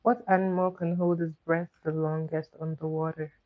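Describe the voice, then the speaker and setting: A woman with a low voice runs a casual trivia game on a live stream, speaking at normal speed in a level tone. She coaxes her viewers, reading each question out to chat and repeating it. The stream audio is dull and lo-fi.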